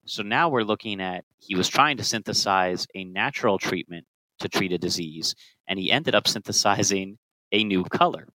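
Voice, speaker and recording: A man's voice: fairly low pitch, moderate pace, sharp tone, dry recording, rough recording. A man co-hosting a casual podcast, telling chemistry history in a playful, joking way. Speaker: podcast co-host.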